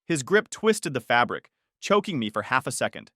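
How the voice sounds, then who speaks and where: A man narrates a first-person story at normal speed, pacing it with tension and drama as his pitch swings widely to build each scene. His voice is a bit bright, and the recording is dry and close with no room sound.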